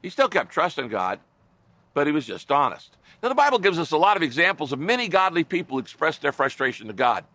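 Male pastor, middle-aged, sermon, earnest and conversational, bright tone, dry close sound. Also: on the high side, very animated, fast, no room sound. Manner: earnest, conversational preaching with wry asides.

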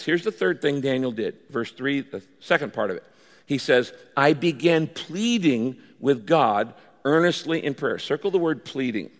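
Pastor guy preaching, kinda high voice, acts out the voices in his stories, big echoey church hall. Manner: animated storytelling, acts out pleading voices. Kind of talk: sermon. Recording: large hall with long reverb.

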